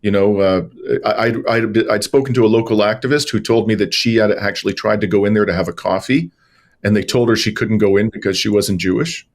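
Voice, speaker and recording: A man, a journalist and lawyer, telling animated stories as an interview guest, with many fillers and restarts. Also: lowish voice, fairly quick. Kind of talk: conversational interview storytelling.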